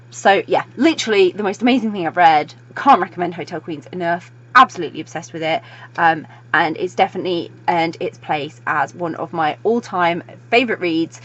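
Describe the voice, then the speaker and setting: Gushing fast-talking woman. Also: on the low side. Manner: gushing, breathless, fast-talking with many fillers. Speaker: book reviewer. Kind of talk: excited video book review. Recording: dull lo-fi recording.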